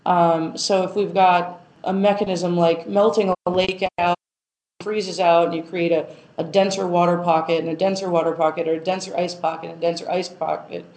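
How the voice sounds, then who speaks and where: A woman's voice: on the low side, little pitch movement, moderate pace, darkish tone. A woman planetary scientist answering interview questions in a casual, thoughtful way, with many fillers and restarts. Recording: roomy echo.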